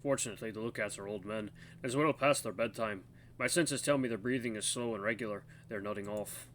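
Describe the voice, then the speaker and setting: Bright-voiced man reading a story game. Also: fairly low pitch, brisk, a little hiss or hum. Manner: first-person narration of the hero, breaks off to laugh and comment. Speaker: gaming channel host. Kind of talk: reading an interactive story game aloud with commentary.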